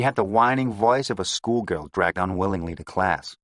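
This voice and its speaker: A man reading an audiobook in a steady, descriptive first-person narration. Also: deep voice, normal speed, dry recording, studio quality.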